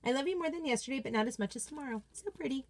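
A woman's voice: high voice, expressive, racing. A woman hosting a casual live unboxing, chatty and gushing as she reads out viewer comments. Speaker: craft product consultant and host.

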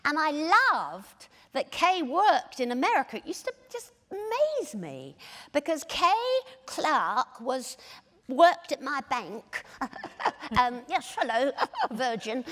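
Animated woman in an echoing hall. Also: sits high, slow pace. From England. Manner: animated, laughs often. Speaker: guest. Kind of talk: onstage interview chat. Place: stage in a large hall. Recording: long hall reverb.

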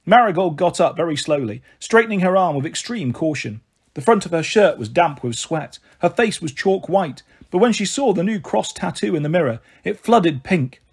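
Husky man reading a story aloud. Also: fairly high pitch, animated, moderate pace. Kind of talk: reading a children's novel aloud.

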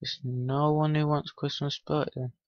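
A man's voice: on the high side, level tone, moderate pace, dry recording, lo-fi sound. A man giving casual commentary while playing a game, muttering to himself and teasing the characters on screen, with rising irritation. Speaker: gaming channel host. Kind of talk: Minecraft let's-play commentary.

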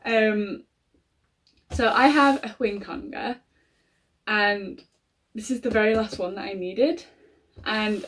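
A woman gushing excitedly through an unboxing vlog, gasping and giggling as she talks. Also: medium pitch, slow pace, pauses often. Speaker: collector unboxing a model horse. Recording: voice a little far from the mic.

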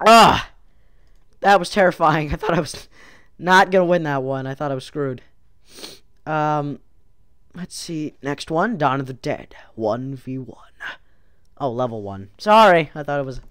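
A woman narrating her own gameplay in a let's play, excitable, with yelps and whoops, and losing her voice. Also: deep voice, a little slow, pauses often, dry recording, clean studio sound. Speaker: gaming YouTuber.

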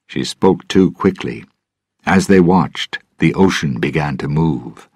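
A man narrating a story slowly and deliberately for English learners. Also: a bass voice, expressive, a little mellow, dry recording, clean studio sound. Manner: clear, deliberate. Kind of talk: slow scripted story reading for English learners.

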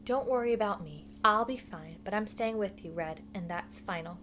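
A woman's voice: mid-range voice, moderate pace, a bit bright, slight background noise, natural voice. A woman reading aloud, voicing a stubborn, loyal female crow who insists on staying.

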